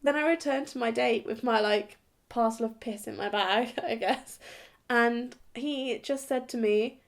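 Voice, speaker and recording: A woman's voice: a little high, unhurried, vocal fry. Giggly chatty woman vlogger. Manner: giggly, chatty, self-mocking. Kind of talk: casual storytime chat to camera.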